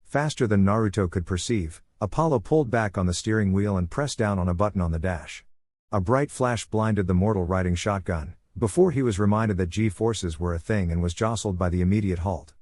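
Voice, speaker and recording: A man's voice: fairly low pitch, fairly quick, a little mellow, no room sound, clean studio sound. A man reading fan fiction aloud, narrating and voicing the dialogue with little character acting. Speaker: fanfiction reader.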